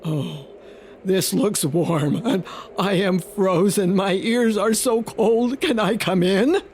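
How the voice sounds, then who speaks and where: A woman voicing a big male wolf who is frozen, speaking slowly and gruffly. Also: medium pitch, darkish tone, a little hiss or hum, lightly acted. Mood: weary.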